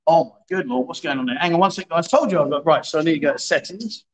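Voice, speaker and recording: A man's voice: fairly high pitch, expressive, fast talker. A middle-aged man hosting a casual livestream, joking around and reading viewer comments aloud. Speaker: livestream host.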